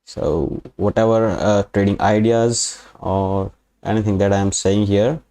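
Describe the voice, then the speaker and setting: A man's voice: lowish voice, steady tone, a little slow, dark tone. A man from India with an Indian accent, hosting a live trading webinar in a rambling way, often correcting himself and saying "uh". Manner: rambling, self-correcting, frequent fillers. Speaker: webinar host, forex analyst.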